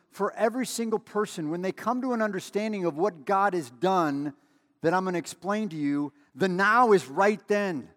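Man, pastor, sermon, high voice, conversational, emphatic repeats, long hall reverb. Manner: conversational, with emphatic repetition and storytelling asides.

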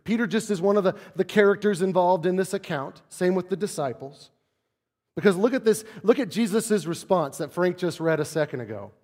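Male pastor, sermon, conversational, slightly higher voice, long hall reverb. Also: lively intonation, brisk. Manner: conversational, drops to soft low tones for emphasis.

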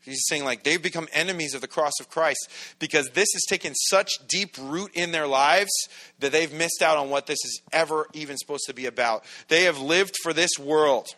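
A man preaches in a loose, chatty way, joking and acting out small scenes as he goes. His voice sits a bit high and rings bright and forward. He sounds like a pastor talking with his congregation rather than at them. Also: moderate pace. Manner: joking, animated, acts out little scenes. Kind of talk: casual conversational sermon.

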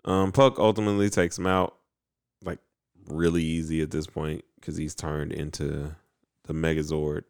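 A man casually recapping an anime episode, animated and acting out the characters in quick voices. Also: extremely low pitch, clean tone. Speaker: podcast co-host recapping an anime. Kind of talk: casual chat.

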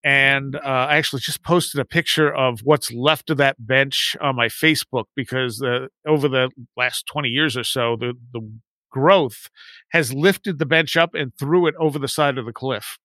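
A man in his forties telling a story in a casual chat, rambling and lively when he quotes his friends. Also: medium pitch, normal speed, no echo.

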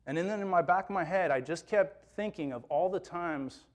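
A youth minister who works with teens preaches a sermon framed as a personal story, speaking conversationally and quoting himself. He has a high voice and a moderate pace.

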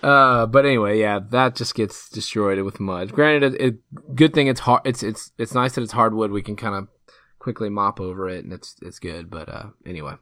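A man's voice: lowish voice, normal speed, a bit bright, dry recording, studio quality. A man co-hosting a casual podcast, chatty and joking, often trailing off and restarting his sentences. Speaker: podcast co-host. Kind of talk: casual chat.

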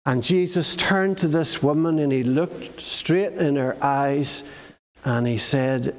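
A man tells a story to children in church and stops to quiz them. His voice sits high and he speaks slowly. It rings out in a hall with a long reverb. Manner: storytelling, asks the children questions. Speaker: children's talk leader.

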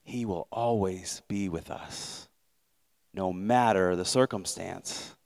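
A man's voice: low-pitched, slow pace, gravelly, a little mellow. A man preaching a sermon as pastor, earnest and repeating words as he builds each point.

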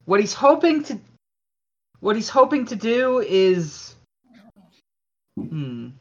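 A player in a tabletop game, thinking aloud in a halting way. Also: medium pitch, sing-song, muffled recording. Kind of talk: casual tabletop play.

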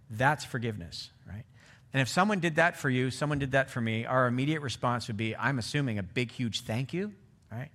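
A middle-aged man preaching a sermon in a relaxed, conversational way, often checking in with his listeners. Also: mid-range voice, fairly quick. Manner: conversational, asks the audience "right?". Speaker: pastor.

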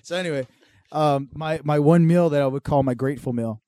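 A mellow, warm-toned man in his forties spins loose, profane anecdotes, laughing and jumping between tangents. The sound is close and dry, with no room around it. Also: a little high, dry recording. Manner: swearing freely, laughing, quick tangents. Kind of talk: casual storytelling chat.

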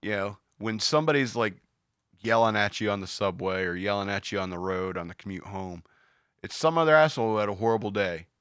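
A man's voice: lowish voice, expressive, fairly quick, fairly bright tone, clear, resonant tone, dry recording. Joking male podcast host, dry mic. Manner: joking, rambling, puts on silly voices. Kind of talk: casual podcast banter.

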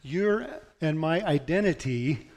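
A man's voice: a little high, animated, slow, a little mellow. A male pastor preaching a sermon, reading scripture aloud in an earnest, emphatic way. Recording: long hall reverb.

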